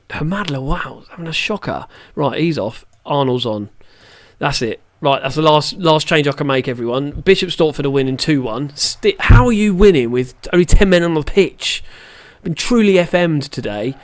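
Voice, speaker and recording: Male let's-player, slightly high voice, reacts loudly to every play. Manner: excitable, shouts at the match, mutters in between. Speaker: gaming channel host. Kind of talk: live gameplay commentary.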